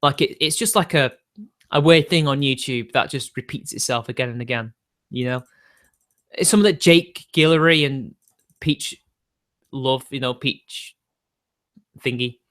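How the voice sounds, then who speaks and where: His voice is medium in pitch and somewhat bright as he streams live and replies to chat in a rambling way. He's quick to get riled and starts swearing.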